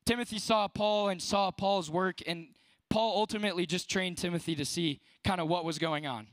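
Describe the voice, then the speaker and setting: A man's voice: high voice, steady tone, moderate pace, a bit bright, no echo. A young man in his late teens giving a casual youth sermon, talking conversationally and filling his speech with "like". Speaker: student speaker at a youth service.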